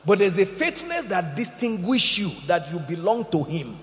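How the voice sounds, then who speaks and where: A man preaching a sermon as pastor, emphatic and joking, swinging between loud bursts and quiet asides. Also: high voice, big pitch swings, normal speed. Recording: echoey hall, slightly dull sound.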